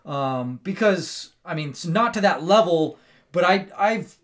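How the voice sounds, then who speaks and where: Animated, rambling man recounting a film. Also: high voice, unhurried. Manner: animated, rambling storyteller with many "like" and "right?". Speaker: podcast co-host. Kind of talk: casual podcast chat.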